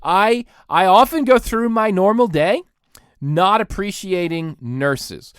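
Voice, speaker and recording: Sitting high in pitch, a man's clean voice moves slowly through a solo comedic rant on his podcast. The host, in his thirties, is animated, laughs partway through sentences, and mocks others in exaggerated voices, recorded in clean, echo-free studio sound.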